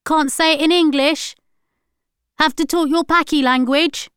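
A woman's voice: high voice, expressive, slow, clear, resonant tone, no echo, clean studio sound, voice pushed up. A woman reading the part of a brash, defiant teenage boy in an audiobook. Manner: brash, mocking.

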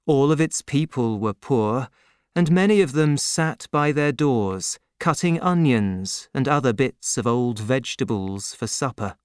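A narrator reading a chapter of a novel aloud in a measured, expressive storytelling manner. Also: mid-range voice, smooth, no echo, clean studio sound. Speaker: audiobook narrator. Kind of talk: scripted narration.

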